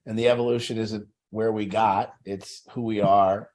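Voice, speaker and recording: A man's voice: on the low side, flat delivery, moderate pace, a little mellow. A middle-aged man leading a recovery group, telling a personal story in a blunt, profane way.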